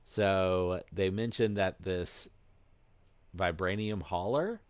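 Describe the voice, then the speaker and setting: A man's voice: low voice, slow, clear, resonant tone, dry recording. A man hosting a podcast, running through news in casual chat, explaining things hesitantly with plenty of fillers. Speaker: podcast host presenting news.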